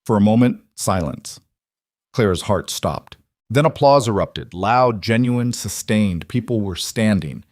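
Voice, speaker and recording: A male narrator tells a dramatic story in a measured reading voice. His pitch sits on the low side, and the recording is dry and close, with no room echo. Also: lively intonation. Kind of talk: scripted narration.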